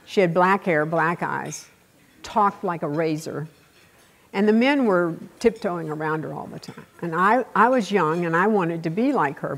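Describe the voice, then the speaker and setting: Blunt older Texan woman giving a keynote. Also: lowish voice. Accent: Texas. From Texas. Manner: blunt, salty, storytelling with dramatic pauses. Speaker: keynote speaker. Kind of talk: keynote speech with stories.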